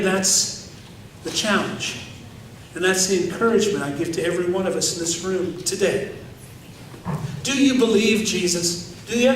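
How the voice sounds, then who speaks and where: A man's voice: sits high, fairly bright tone, slight background noise. A man preaching a sermon as pastor, emphatic and repetitive, often asking the congregation questions. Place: church sanctuary. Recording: echoey church hall from far off.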